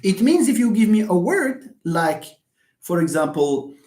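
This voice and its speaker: A male lecturer walks through an idea, asking himself questions and answering them at once. His pitch rises and falls in a lively way, and words often repeat while he thinks aloud. The voice rings in a roomy, echoey space. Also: unhurried. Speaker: university lecturer. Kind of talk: live lecture. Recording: roomy echo.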